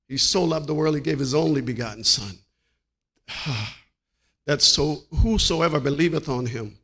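A man who is a pastor, preaching fervently at a funeral service and then making announcements, building up to exclaiming shouts. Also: on the high side, normal speed. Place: church.

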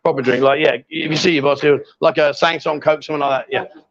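A man's voice: fairly high pitch, fairly even intonation, fast. A man hosting a live stream from a bar, chatty and teasing, calling people sweetheart. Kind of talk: lively live-stream banter. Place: bar with a pool table. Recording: dull lo-fi stream audio.

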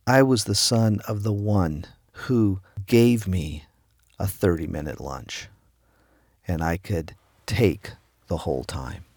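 A man's voice: deep voice, slow, a little mellow, no room sound, studio quality. A middle-aged man preaching a devotional sermon, telling a personal story and quoting the people in it. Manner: storytelling, quotes people in his own raised voice. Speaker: pastor.

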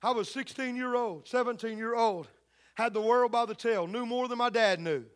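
Very high-voiced impassioned male preacher. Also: normal speed. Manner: impassioned, swings from hushed to shouting; repetitive, with frequent "uh" fillers. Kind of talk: sermon.

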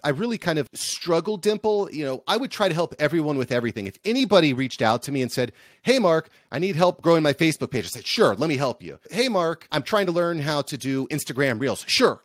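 A man from the United States, a podcast agency founder, telling stories in an upbeat, animated way as an interview guest. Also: medium pitch, no echo, studio quality. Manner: upbeat, energetic, animated storyteller. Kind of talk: casual interview storytelling.

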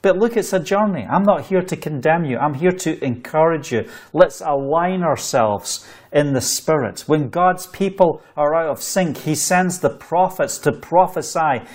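At a measured pace and with a slightly high voice, a man preaches an online sermon, fervent and repetitive. Between his own exhortations, he repeats phrases and reads scripture aloud.

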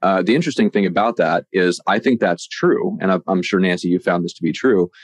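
A man's voice: low-pitched, fairly quick, dry recording. A man hosting a podcast interview, asking friendly, rambling questions full of fillers. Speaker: podcast host.

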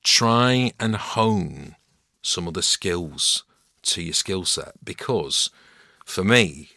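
A middle-aged man with a Mancunian accent, telling stories as a podcast guest in a relaxed, self-mocking way. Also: low voice, extremely slow, creaky, no room sound, studio quality. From Manchester, England. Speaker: guest actor and voice-over artist. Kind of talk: casual podcast chat.

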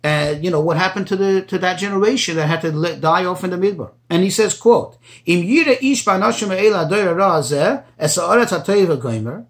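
A man teaching a Torah class, reading Hebrew phrases and translating each one into as he goes. His pitch jumps up when he stresses a point. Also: animated, a little fast, hardly any pauses. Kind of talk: Torah class explaining commentaries.

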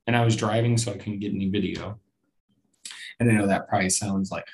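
A man's voice: on the low side, fairly even intonation, brisk. A man hosting a casual solo podcast, rambling and self-deprecating, swearing often and restarting his sentences. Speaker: podcast host.

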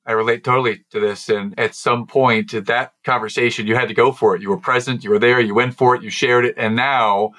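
A man's voice: medium pitch, fairly even intonation, brisk, hardly any pauses, fairly bright tone. A man hosting a podcast, asking reflective, earnest questions in a conversational way. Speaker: podcast host.

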